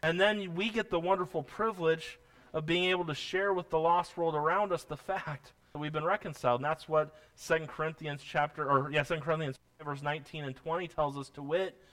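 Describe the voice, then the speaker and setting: A man preaching a sermon in a high, bright voice. He reads scripture aloud and drives his points home with mounting force, mixing in a folksy, self-deprecating humor. Plain church preaching. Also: fairly even intonation, a little fast. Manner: preaching with rising, forceful emphasis and quoting scripture. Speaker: pastor.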